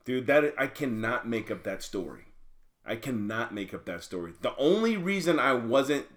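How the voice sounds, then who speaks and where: A man co-hosting a podcast, reacting in quick asides and then telling his own story earnestly in casual chat. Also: mid-range voice, very animated, fairly bright tone. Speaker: podcast co-host.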